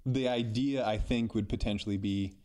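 A man's voice: lowish voice, fairly even intonation, normal speed, darkish tone. A man chatting casually as a podcast co-host, rambling with lots of fillers. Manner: rambling, filler-heavy, slips into mock voices. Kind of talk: casual chat.

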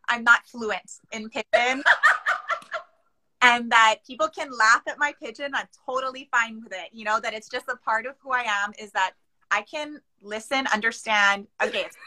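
Bright-voiced woman host from Hawaii. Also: on the high side, rough recording. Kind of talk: casual chat.

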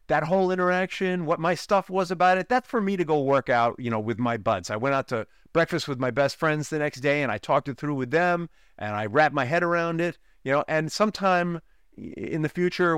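A man's voice: fairly high pitch, a bit bright, clean tone, no echo, clean studio sound. A man hosting a podcast as a relationship coach, talking in a conversational way and often checking in with the listener. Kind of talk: podcast monologue with personal stories.

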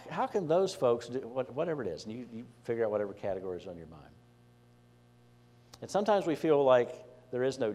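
A man preaching from the pulpit with a mellow, dark voice that carries a long church reverb. He talks to the congregation conversationally, tossing out rhetorical questions and restarting phrases. His pitch sits at an ordinary male middle. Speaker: pastor. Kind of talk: sermon. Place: church sanctuary.

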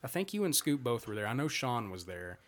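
A man's voice: medium pitch, very animated, fairly quick. A man in his thirties, a podcast guest, telling a rambling, profane story in casual chat. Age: 30s.

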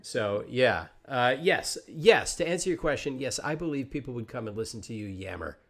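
Male streamer host, self-deprecating and chatty, mid-pitched voice, casual interview over a video call. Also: animated, moderate pace, a bit bright. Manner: joking, self-deprecating, rambling. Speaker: podcast host and Twitch streamer.

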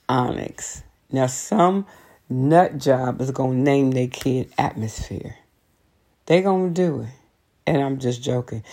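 A woman, telling a workplace story to her viewers in a chatty, sassy, sidetracked way, jumping high for emphasis. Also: darkish tone. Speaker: vlogger.

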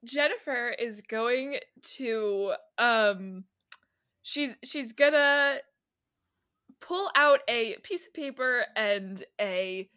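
A woman playing in a tabletop role-play, animated, laughing and working out ideas aloud. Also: fairly high pitch, drawn-out words, clear, resonant tone. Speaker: player.

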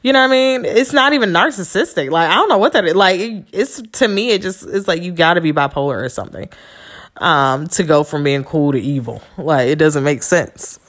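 A woman with a fairly low voice talks in a loose, casual storytelling monologue. She is candid and emphatic, swears freely, and talks straight to her listeners as a podcast host. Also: expressive, brisk, a bit bright.

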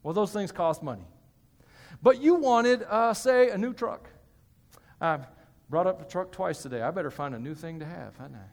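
A man's voice: high voice, lively intonation, moderate pace. A male pastor giving a sermon in a church, chatty and joking with the congregation between points. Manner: conversational, joking asides to the congregation. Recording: hall reverb.

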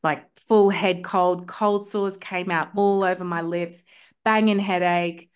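A lowish, clear and resonant voice, slow and steady, belongs to a woman homeopath sharing personal stories on a podcast. She's enthusiastic and talkative in this casual interview, using lots of filler words.

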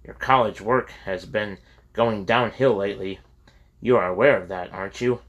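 A man reading the lines of a firm older college president who lectures a student calmly. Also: fairly low pitch, moderate pace, muffled recording, lightly acted.

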